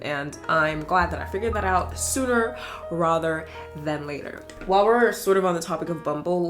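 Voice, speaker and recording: A woman in her twenties chatting casually while getting ready, telling stories with sarcastic asides. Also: on the low side. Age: 20s. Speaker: vlogger. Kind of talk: casual get-ready-with-me chat.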